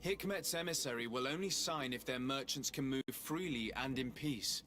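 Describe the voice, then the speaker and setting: An actor playing a formal male envoy in a fantasy video game, speaking in a measured way. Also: medium pitch, natural voice. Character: formal male envoy relaying a peace offer. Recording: game dialogue over loud music.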